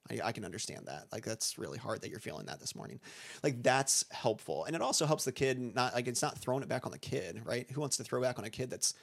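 A man's voice: medium pitch, animated, fast talker, gravelly. A man co-hosting a podcast, talking through ideas in a thoughtful, meandering way with many restarts and fillers. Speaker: podcast co-host, school staff. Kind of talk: casual conversation.

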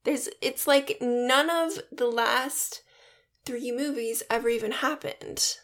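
A woman's voice: on the high side, takes it slowly, a bit bright. A young woman co-hosting a podcast, chatting enthusiastically about a film. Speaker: podcast co-host. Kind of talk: casual chat.

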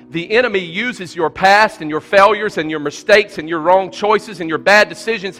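In a church sanctuary, a male pastor preaches emphatically, repeating phrases, his voice climbing whenever he voices people's pleas. His pitch is fairly high, with a pushed, bright quality.

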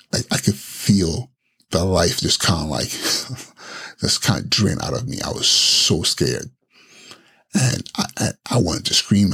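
A low, very husky man from Nigeria with a gravelly edge tells a scary story from his own childhood. His voice swings widely up and down as he builds the tension, repeating himself and restarting lines the way a podcast host does when carried along by his own tale. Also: fairly bright tone. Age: adult.

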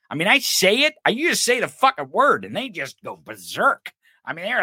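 A man hosting a podcast, giving profane, mocking political commentary in an animated way. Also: sits high, moderate pace, slightly rough, dry recording, studio quality. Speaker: podcast host.

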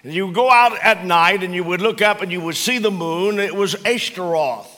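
A man's voice: high voice, moderate pace, pushed and bright. A man preaching a sermon, telling a story with humorous asides. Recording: long reverb of a large hall.

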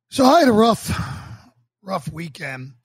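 Earnest, halting pastor from Boston, slightly high. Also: male voice, breathy edge, dry recording, clean studio sound. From Boston, United States. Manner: earnest and emotional, halting with restarts. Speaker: pastor and show host. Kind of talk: livestreamed casual talk leading into a sermon.

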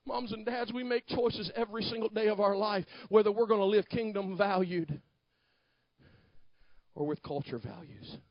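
A male pastor preaches a fiery sermon in a very high voice. He swings from quiet, close asides to shouted declarations. The sound is dry and a little dull. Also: moderate pace, dry recording.

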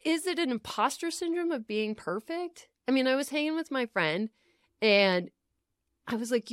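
A woman co-hosting a podcast in casual chat, animated, laughing often and swearing freely into a studio microphone. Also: high voice, normal speed, clean tone, no echo. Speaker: podcast co-host.

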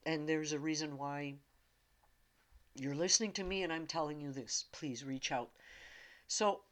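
Slow, low-voiced tearful woman. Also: a bit bright. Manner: emotional, halting, repeats herself. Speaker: spiritual speaker. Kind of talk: unscripted spiritual talk.

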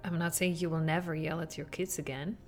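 Woman coaching parents on a podcast, kinda low, quiet music behind. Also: fairly quick. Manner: animated, acts out quotes with laughs. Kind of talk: podcast monologue.

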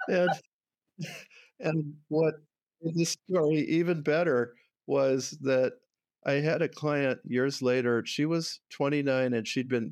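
An older man, a guest herbalist, telling stories in a relaxed way and often laughing. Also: medium pitch, vocal fry, no echo, studio quality. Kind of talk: conversational interview.

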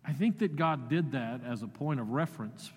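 A man's voice: medium pitch, lively intonation, moderate pace, breathy edge. A man preaching a sermon as pastor, conversational, with wry asides and shifting emphasis. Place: church sanctuary. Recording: long reverb of a church sanctuary.

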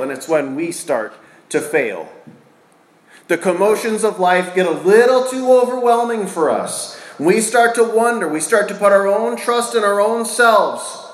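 A man preaching a sermon to a congregation, asking them questions and swinging between loud and hushed delivery. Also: high-pitched. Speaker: pastor. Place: church hall with a congregation. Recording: echoey church room.

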